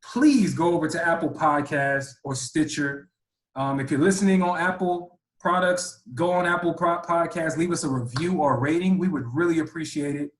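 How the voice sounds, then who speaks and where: A man's voice: on the high side, moderate pace. A man co-hosting a podcast in casual chat, teasing his friend in playful banter. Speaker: podcast co-host. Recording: echoey room.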